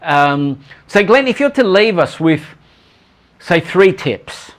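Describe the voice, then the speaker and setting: A man's voice: high voice, very animated, slow pace. A man hosting an interview, chatting with his guest in an encouraging way and often agreeing with short interjections. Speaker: interview host. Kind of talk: conversational interview.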